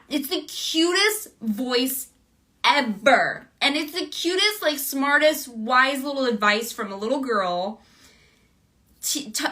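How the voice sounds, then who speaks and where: Woman, voice actress, bubbly, chatty, bright tone, casual livestream Q&A. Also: high voice. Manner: bubbly, chatty, gushing, laughs often. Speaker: voice actress signing autographs.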